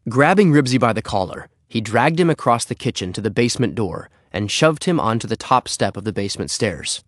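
A man reading a children's story aloud in an expressive way. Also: medium pitch, a little fast, dry recording, clean studio sound. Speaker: narrator.

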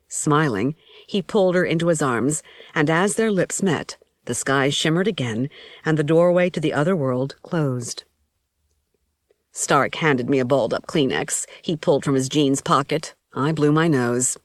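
Low-voiced woman narrating an audiobook. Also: unhurried, no room sound, studio quality. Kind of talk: first-person audiobook narration.

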